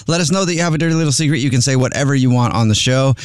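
A man hosting a radio show, chatting casually, quick and joking, with frequent laughs. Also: medium pitch, dry recording, studio quality.

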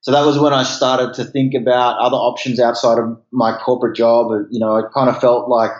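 A man's voice: mid-range voice, a little fast. Australian man on an echoey line. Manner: relaxed, uses Australian slang. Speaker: guest. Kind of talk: casual interview. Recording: echoey, muffled remote line.

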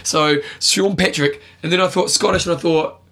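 A man co-hosting a podcast, rambling through jokes and quick asides in casual chat. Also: high voice, fairly even intonation, sharp tone. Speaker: podcast co-host.

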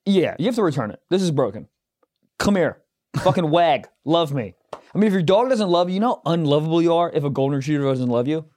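A man's voice: a little high, animated, mellow. Bro-ish man joking on a podcast. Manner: joking, swearing, drifts into quick mock voices. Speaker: podcast co-host. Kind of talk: crude casual banter.

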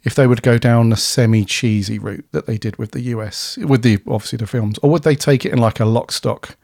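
A man's voice: mid-range voice, fairly quick, vocal fry, a little mellow, dry recording, studio quality. A man co-hosting a podcast, laid-back and teasing in casual banter. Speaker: podcast co-host.

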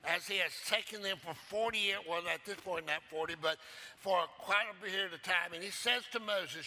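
A male pastor preaching a sermon, emphatic and repetitive, swinging from loud declarations to hushed low phrases. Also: fairly quick.

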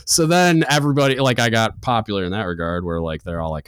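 Low-voiced man telling a rowdy story. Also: fast talker, clean tone, no room sound, clean studio sound. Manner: animated, acts out quoted voices. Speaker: podcast host. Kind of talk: casual storytelling chat.

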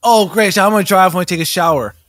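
A man's voice: sits high, very fast, fairly bright tone, no room sound, clean studio sound. A man improvising a defiant, sarcastic teenage son who keeps talking back. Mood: sassy. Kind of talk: improv comedy sketch.

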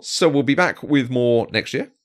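A man's voice: mid-range voice, animated, normal speed. A man co-hosting a casual podcast, chatty and enthusiastic, often restarting his sentences and laughing. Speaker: podcast co-host.

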